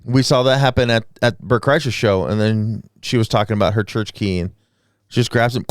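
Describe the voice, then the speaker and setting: A young man co-hosting a podcast, easygoing and quick to laugh, sometimes reading facts aloud. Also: on the low side, clear, resonant tone, no echo, studio quality. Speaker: podcast co-host. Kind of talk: casual chat.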